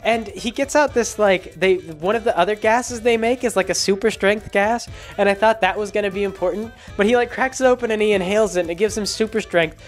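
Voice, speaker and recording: A man's voice: sits high, a little fast, few pauses, faint music behind. A man rambling sarcastically through a casual movie recap, full of fillers and restarts. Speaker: vlogger.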